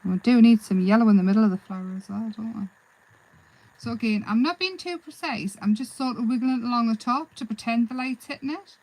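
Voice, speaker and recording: A woman with a slightly high voice hosts a live craft session. She chats casually and rambles a little, breaking off to answer viewers' comments. Her tone stays relaxed and self-deprecating. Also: fairly quick, rough recording. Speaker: craft livestream host. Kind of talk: live craft demonstration and chat.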